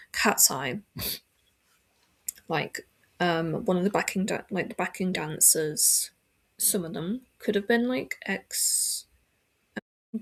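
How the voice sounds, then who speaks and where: A woman's voice: on the low side, creaky, slightly rough. A woman hosting a podcast from a room at home, chatting casually and rambling with lots of filler words and self-corrections. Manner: frequent self-corrections and restarts. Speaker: podcast host. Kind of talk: casual chat.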